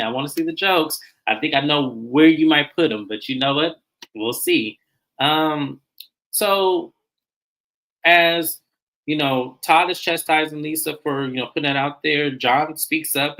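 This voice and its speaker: Male host for a live recap stream, bright tone, conversational, drops in slang and greets viewers. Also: mid-range voice, low-quality recording. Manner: chatty, greets viewers by name, colloquial. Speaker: reality show recap host.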